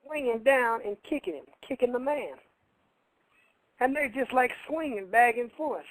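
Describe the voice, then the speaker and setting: A man's voice: very high-pitched, unhurried, dry recording, poor audio. A man co-hosting a radio show, telling a story casually in a rambling, colloquial way and repeating his phrases.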